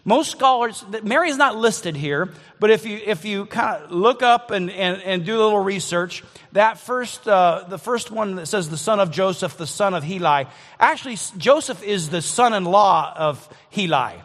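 A man's voice: high-pitched, animated, normal speed, a bit bright, in a large hall. A man preaching a sermon in a conversational way, often restarting and repeating words as he thinks aloud. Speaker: pastor.

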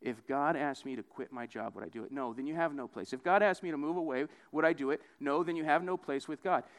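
A young man giving a conversational sermon, often tagging on "right?" and acting out quoted voices. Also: fast talker. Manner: casual, repeats "right?" often; acts out quoted voices with big pitch jumps. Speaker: preacher.

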